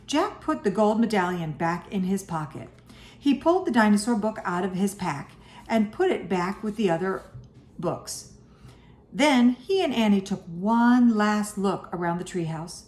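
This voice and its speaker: A woman teacher reading a children's chapter book aloud to her students in an expressive way. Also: mid-range voice, unhurried. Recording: echoey room.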